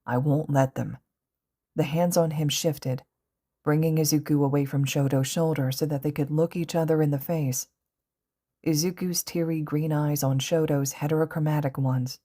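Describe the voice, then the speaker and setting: A woman with a low voice narrating a fan audiobook. Her reading is gentle and emotive. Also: fairly even intonation, moderate pace. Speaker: podfic reader.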